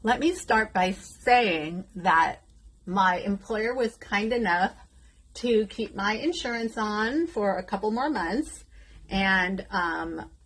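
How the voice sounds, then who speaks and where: A woman's voice: medium pitch, fairly bright tone. A woman in her fifties chatting casually with her viewers while doing her makeup, emotional and outspoken. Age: 50s. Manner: emotional, outrageous, addresses viewers directly. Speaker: beauty content creator.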